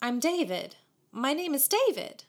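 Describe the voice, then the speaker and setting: A woman's voice: sits high, sing-song, measured pace, voice pushed up, heavily acted. A woman reading a storybook voices a naive, joyful young boy violinist who speaks up firmly for what is right. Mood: joyous. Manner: joyous and naive, turning sharp and defiant.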